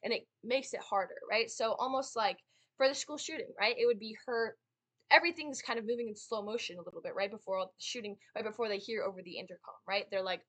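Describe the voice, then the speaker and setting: A woman's voice: medium pitch, fast, a bit bright. A young woman giving a casual lesson on dramatic interpretation, chatty and full of fillers, often asking "right?". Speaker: speech and debate student teaching.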